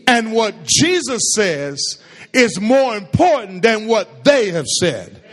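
A man's voice: high voice, very animated, takes it slowly, long reverb tail. A man preaching a sermon to a congregation, firing questions at them and drawing call-and-response replies. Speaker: pastor.

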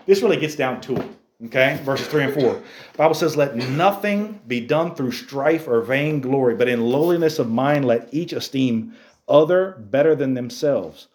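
A man preaching a sermon as a youth pastor, animated, firing rhetorical questions at a youth group. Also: medium pitch, moderate pace, roomy sound.

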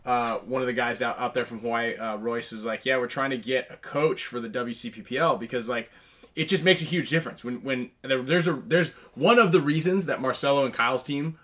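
A man's voice: mid-range voice, brisk, fairly bright tone. A man hosting a casual podcast chat, laid-back, with stammered restarts.

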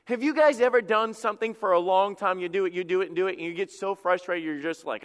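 Male pastor, high pitched, animated sermon delivery with stumbling restarts, big echoing sanctuary. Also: fast, hardly any pauses. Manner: animated preaching with acted quotes and repeated stammered restarts.

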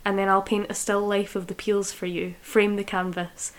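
A woman's voice: medium pitch, level tone, moderate pace, close to an everyday voice. A woman reading as a teasing young Frenchman. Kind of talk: reading a novel excerpt aloud.

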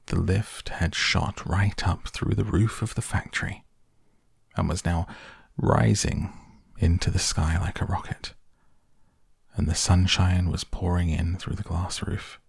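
A man narrates a children's story in a slow, measured way, his deep voice gravelly and husky. The sound is close and dry. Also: no echo. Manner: measured, expressive reading. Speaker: audiobook narrator.

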